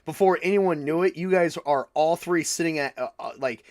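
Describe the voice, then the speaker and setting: A man's voice: on the high side, moderate pace, no room sound. A man narrating a tabletop game as game master, casual and hesitant. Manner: casual, laughing, hesitant fillers.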